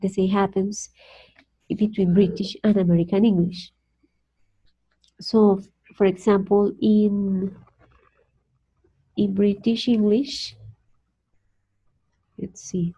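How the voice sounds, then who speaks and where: A Colombian woman, a native Spanish speaker, teaching an online English class slowly and carefully, repeating words for her students. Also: mid-range voice, level tone, warm tone, husky. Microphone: video call. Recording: dull lo-fi video call audio.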